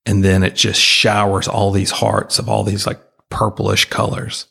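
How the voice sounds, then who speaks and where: A man earnestly retelling a personal experience as an interview guest, halting and full of restarts. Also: lowish voice, level tone, creaky, sharp tone, slightly rough.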